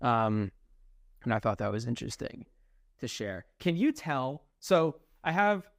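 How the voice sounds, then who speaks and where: This young adult podcast co-host speaks at a measured pace in a mid-range voice, casually chatting and venting with lots of profanity. The sound is studio quality with no echo.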